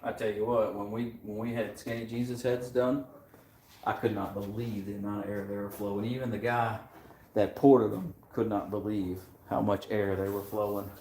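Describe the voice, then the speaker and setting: A man's voice: lowish voice, level tone, normal speed, darkish tone, a little hiss or hum. Man, livestream host, casual shop talk, jokey, echoey garage. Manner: jokey, laughs often, does mock accents. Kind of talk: casual chat while working on cars.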